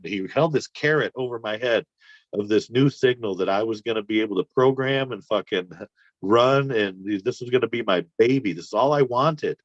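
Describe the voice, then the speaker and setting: A man with a very deep voice tells a long, rambling personal story, swearing freely and getting worked up as he goes. The sound is dry and a little muffled. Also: moderate pace, no room sound. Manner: rambling, profane, animated when riled. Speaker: podcast guest. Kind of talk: casual storytelling.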